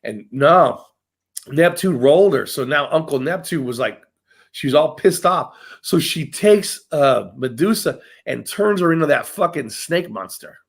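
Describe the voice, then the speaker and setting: A man tells old myths in loose, rambling talk, with swearing in nearly every line. His voice sits fairly high and swings widely in pitch. He keeps doubling back to correct himself. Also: measured pace, slightly rough. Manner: profane, rambling, animated. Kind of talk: casual storytelling chat.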